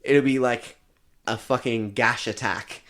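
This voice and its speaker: A man's voice: mid-range voice, unhurried. A young Australian man co-hosting a casual podcast, telling a story with lots of laughter and swearing. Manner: animated, laughing, swearing, acting out voices in anecdotes. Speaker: podcast co-host.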